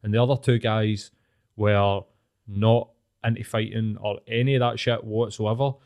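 This man has a Glaswegian Scottish accent and is in his late thirties, hosting a podcast where he recounts school tales with plenty of swearing and laughter. His fairly low voice is smooth and a little mellow, with fairly even intonation and a moderate pace.

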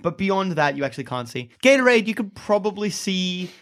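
A man's voice: high-pitched, sing-song, fairly quick, fairly bright tone. A man narrating as game master, often laughing mid-sentence.

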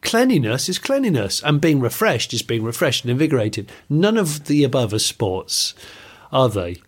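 Animated man, lively playful banter. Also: medium pitch, moderate pace. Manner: animated, playful, mock-indignant rants. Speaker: podcast co-host. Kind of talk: casual chat.

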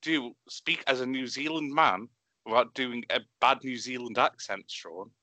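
A man with a bright, forceful voice, talking fast and eagerly. The sound is close and dry, with no room around it. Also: medium pitch, dry recording. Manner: excitable, swearing, animated. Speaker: podcast co-host. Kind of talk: enthusiastic casual chat.

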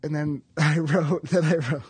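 A man's voice: fairly high pitch, fairly even intonation, measured pace, a little mellow, breathy edge, dry recording. A man co-hosting a podcast, playful and teasing as he reads out texts in a casual chat. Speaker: podcast co-host.

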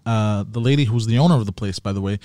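A man's voice: lowish voice, quick pace, warm tone, no room sound. Rambling man telling a story, dry close mic. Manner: rambling storytelling with restarts and swearing. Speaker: podcast co-host. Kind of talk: casual podcast chat.

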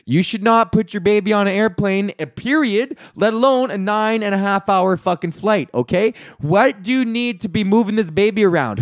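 A man's voice: high-pitched, no echo, clean studio sound. A man in his thirties, a comedian hosting his own podcast, ranting profanely with lots of rhetorical questions. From Canada. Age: 30s. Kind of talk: solo comedic rant.

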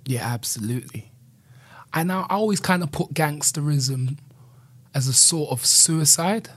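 A man's voice: fairly high pitch, unhurried, dry recording. A man speaking earnestly and candidly as an interview guest, often adding "you know". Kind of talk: reflective conversational interview.

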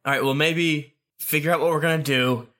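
A man's voice: a little high, steady tone, fairly quick, bright, forceful tone. A man playing a tabletop game, joking and swearing casually with friends. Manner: joking, swears freely, offhand. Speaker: player.

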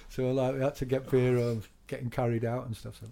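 A middle-aged man, telling animated stories as a DJ guest in a casual interview, laughing often and swearing now and then. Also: medium pitch, fairly quick, gravelly, a little hiss or hum. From England.

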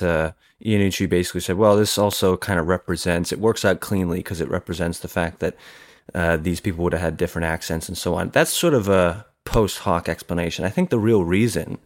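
Deep-voiced man analyzing a film. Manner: thoughtful, analytical, restarts phrases. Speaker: podcast panelist. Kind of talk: film discussion on a call. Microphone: video call.

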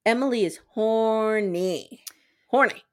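A woman's voice: fairly high pitch, takes it slowly. A woman hosting a casual recap podcast, blunt and joking, laughing often as she talks. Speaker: podcast host.

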